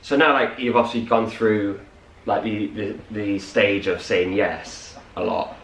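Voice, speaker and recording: A man's voice: on the low side, a little slow. Young man rambling in casual chat. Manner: rambling, animated quoting. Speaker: co-host. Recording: roomy, distant mic, faint hiss.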